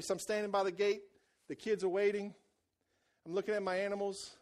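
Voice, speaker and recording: A man preaching a sermon as a folksy personal story, loud and emphatic. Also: high-pitched, little pitch movement, a little fast, pauses often. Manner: folksy storytelling, voices quoted people.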